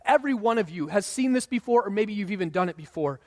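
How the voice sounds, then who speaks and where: A man in his thirties preaching a sermon in a relaxed, conversational way, sometimes acting out what people say. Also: sits high, fast talker. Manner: conversational preaching, acts out quoted voices. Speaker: pastor. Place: church sanctuary. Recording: long hall reverb.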